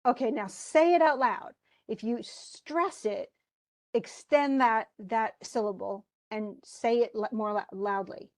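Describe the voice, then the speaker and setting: Speaking at a measured pace in a slightly high voice, this woman teaches college English online over a computer microphone. Her lecture is conversational, full of restarts and check-ins with the class.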